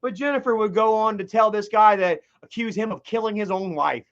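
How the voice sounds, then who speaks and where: Talking a little fast in a high-pitched voice, a livestreamer gives rambling, heated commentary on a story, swearing heavily and repeating himself. The audio is dull.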